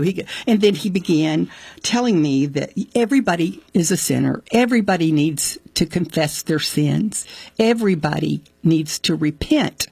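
Husky woman telling a story. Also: sits low, moderate pace, dry recording. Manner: animated storyteller, acts out quoted voices. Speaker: interview guest. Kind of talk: telling a personal faith story.

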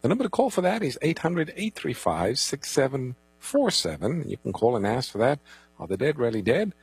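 Male radio pastor, expressive pitch, husky timbre, dry close mic, calm and reassuring. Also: normal speed, dry recording, rough recording. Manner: calm, reassuring, gives phone numbers and takes calls. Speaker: radio Bible talk show co-host. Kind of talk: radio call-in Bible answers.

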